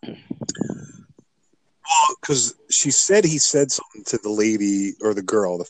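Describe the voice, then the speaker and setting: A middle-aged man co-hosting a podcast, telling a rambling, animated story in casual chat. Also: on the low side, measured pace, slight background noise, low-quality recording. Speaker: podcast co-host.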